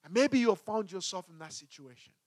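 A man preaching a sermon as a pastor, with emphatic delivery that swings between loud and hushed. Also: sits high, animated, fairly quick, no room sound, clean studio sound.

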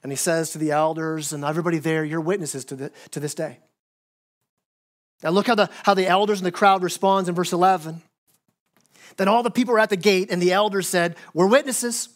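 High-voiced animated male preacher. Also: fairly quick. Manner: animated storytelling with acted-out quotes and self-repeats. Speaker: pastor. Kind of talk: sermon. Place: church sanctuary.

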